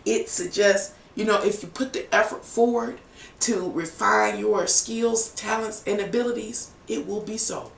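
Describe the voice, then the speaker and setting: Gravelly-voiced tarot reader in an echoey room. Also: medium pitch, steady tone, a little slow, fairly bright tone. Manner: emotional and emphatic, rambling with many fillers. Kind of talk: casual tarot reading addressed to viewers. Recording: echoey room, voice far from the mic, faint noise.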